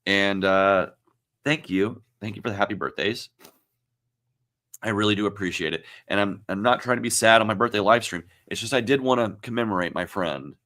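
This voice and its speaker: A man turning forty, hosting his own livestream and talking in a reflective, halting, emotional way, with many pauses and fillers. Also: fairly low pitch, fairly bright tone. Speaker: livestream host. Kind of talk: casual livestream talk.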